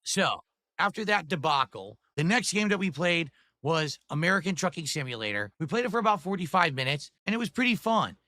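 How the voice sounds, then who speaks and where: A man's voice: on the high side, big pitch swings, fairly quick, sharp tone, dry recording. A man streaming a driving game, talking brashly and profanely with sarcastic rants, played back in a reaction video. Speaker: streamer in the video being watched. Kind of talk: ranting gaming-stream commentary.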